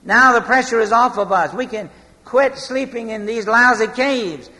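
A preacher voicing exasperated ancient soldiers pleading urgently in disbelief, heard with long hall reverb. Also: male voice, very high-pitched, moderate pace, sharp tone, voice pushed up. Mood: relieved.

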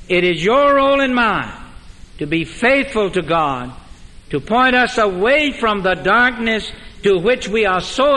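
A man pastor preaching a sermon in a measured, emphatic way, with dramatic pauses, in a large church sanctuary. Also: high voice, pushed and bright. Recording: long reverb of a church hall.

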